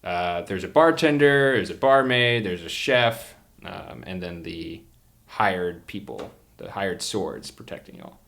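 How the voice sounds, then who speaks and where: A man's voice: deep voice, animated, a little slow, fairly bright tone. Casual male game master. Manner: casual, rambling, full of fillers and "y'all". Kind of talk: narrating a tabletop game.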